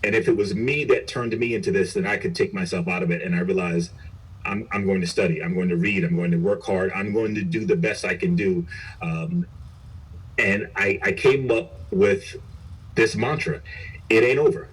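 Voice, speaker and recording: A man's voice: low-pitched, moderate pace, husky. A middle-aged man, a police chief, telling his story in an interview in an earnest, reflective way with frequent restarts. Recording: voice picked up from a distance.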